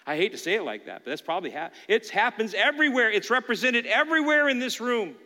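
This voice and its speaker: Bright-voiced man preaching in a reverberant church. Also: high-pitched, sing-song, fast talker. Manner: earnest, conversational preaching to a congregation. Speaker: pastor. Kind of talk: sermon. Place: church sanctuary. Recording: long hall reverb from a church room.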